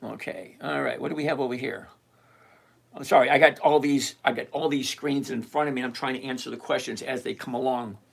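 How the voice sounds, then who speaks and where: A man's voice: mid-range voice, fairly even intonation, a little fast, creaky, slightly rough. An older retired man hosting a live stream, chatting casually and emphatically as he answers viewers by name. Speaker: livestream host answering viewer questions.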